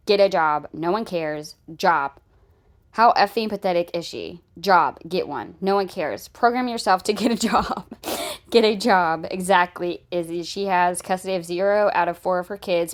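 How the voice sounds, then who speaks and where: A woman's voice: fairly low pitch, moderate pace. Blunt, mocking woman vlogger. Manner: blunt, mocking, repeats short jabs. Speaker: commentary vlogger reading live chat. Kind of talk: casual reaction commentary.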